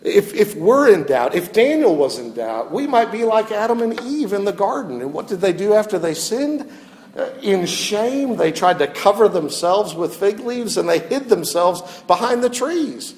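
Animated high-voiced male preacher. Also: moderate pace. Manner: earnest, expressive preaching with frequent restarts. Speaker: pastor. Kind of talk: sermon.

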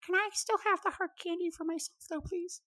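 A woman voicing a tiny, eager bird companion who speaks excitedly and politely. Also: very high-pitched, a little fast, pitched above the performer's own voice.

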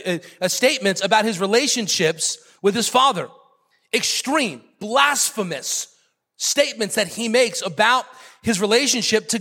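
In a large hall, a man preaches as pastor in a high-pitched, bright, forceful voice. He speaks emphatically, keeps returning to key phrases, and jokes with the people in front of him.

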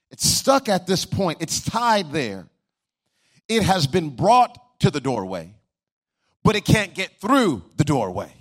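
A male pastor giving a sermon with humorous asides, repeating key words, and rising into a sung, chanting preaching cadence. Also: fairly high pitch.

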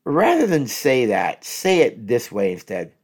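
A man working as a relationship counselor, giving advice and acting out example phrases, repeating each one twice in an animated way. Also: medium pitch, unhurried. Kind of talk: advice talk with spoken examples.

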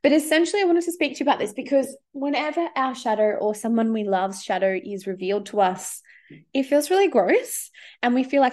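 A woman's voice: sits high, animated, a little fast, darkish tone. A woman talking casually in a studio as a spiritual podcast host, chatty and swearing freely as she acts out inner voices. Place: studio with windows.

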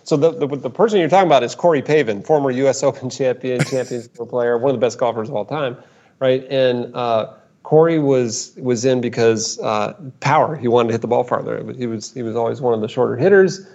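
A man's voice: mid-range voice, brisk. A man talks through a story as the guest expert in a casual conversation. He repeats himself as he builds up each point and slips into the voices of people he quotes. The sound is muffled and lo-fi. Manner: animated, repeats words, acts out quotes.

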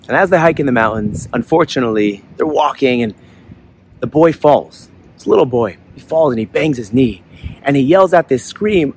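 A man hosting an inspirational talk outdoors, telling a story in an earnest way and acting out the voices in it. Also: medium pitch. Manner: earnest storyteller who acts out voices in the tale. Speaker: host of an inspirational talk show.

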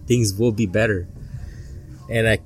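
A man telling a personal story as an interview guest, halting and repeating words, recorded outdoors at a family barbecue. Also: lowish voice, fairly even intonation, a little hiss or hum. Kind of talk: casual storytelling.

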